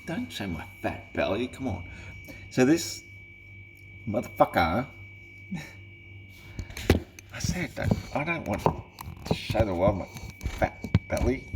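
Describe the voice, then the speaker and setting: Rambling man with a gravelly voice. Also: on the low side, big pitch swings, slow, long pauses, over music. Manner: swears constantly, chuckles, mock-exasperated. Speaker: vlogger. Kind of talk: rambling casual monologue.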